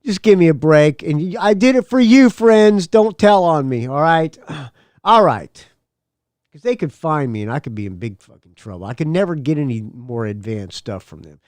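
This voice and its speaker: A man's voice: on the high side, animated, normal speed, a little mellow, dry recording. A man hosting a casual podcast, rambling and profane, laughing between his asides. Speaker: podcast host. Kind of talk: casual solo podcast chat.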